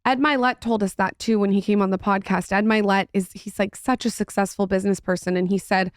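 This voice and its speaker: A woman hosts a podcast in a chatty, sympathetic way, passing along advice she has heard from earlier guests. Her voice sits at a middle pitch and sounds dry and close on the mic. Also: steady tone, brisk, dry recording. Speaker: podcast host. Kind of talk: podcast interview chat.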